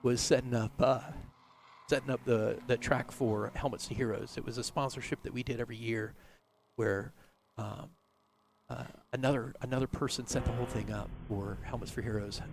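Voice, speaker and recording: A man's voice: medium pitch, steady tone, normal speed, creaky, a little hiss or hum. A middle-aged man telling a rambling story in a casual interview, full of fillers and restarts. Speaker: race team owner, interview guest.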